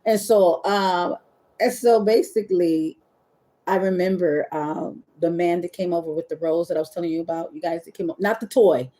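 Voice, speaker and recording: With a warm, lowish voice at a moderate pace, a woman who works as a webcam model hosts a livestream and talks frankly and loosely to her audience. The talk is casual and confessional, and she gets emotional, nearly crying at times. It's picked up by a phone or webcam on the stream.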